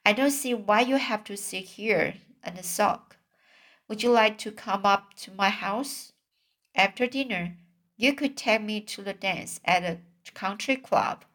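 A woman reads the part of a sensible, good-natured young girl from a storybook. The reading is slow and even, spoken in a plain everyday voice rather than a put-on character voice. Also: medium pitch, close to an everyday voice. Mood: coaxing. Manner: read aloud plainly in her own voice. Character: practical, kindly young girl.

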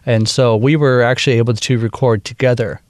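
A man's voice: mid-range voice, a little fast, dry recording, clean studio sound. Chatty Midwestern American man. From Wisconsin, USA. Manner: relaxed, chatty, laughs easily, many fillers. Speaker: bandleader and woodwind player, guest. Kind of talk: casual radio interview.

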